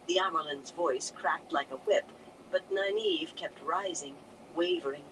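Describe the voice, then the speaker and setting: A narrator reading a fantasy novel aloud in a steady storytelling manner. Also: medium pitch, measured pace, noisy background. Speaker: audiobook narrator.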